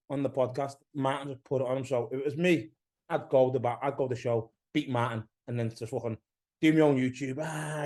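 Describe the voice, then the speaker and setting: A man with an English accent, a podcast guest who tells stories loudly, swearing freely in casual chat. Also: on the high side. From England.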